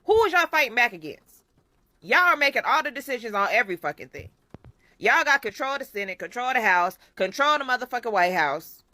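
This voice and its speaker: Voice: mid-range voice, sing-song, fast, sharp tone, no echo. A reaction video host giving blunt, profane commentary and asking exasperated questions.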